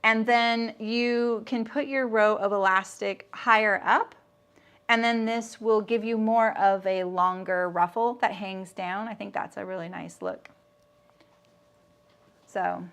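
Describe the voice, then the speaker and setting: A woman's voice: mid-range voice, steady tone, a little slow, pauses often, fairly bright tone, clear, resonant tone. A middle-aged woman teaching a live sewing demonstration, chatting and answering viewer comments as she works. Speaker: sewing instructor.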